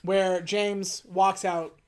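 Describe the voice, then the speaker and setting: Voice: medium pitch, level tone, very slow, clean tone. A podcast co-host casually recapping a film plot, quoting the characters in an offhand way. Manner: retells scenes by quoting characters in a loose, offhand way.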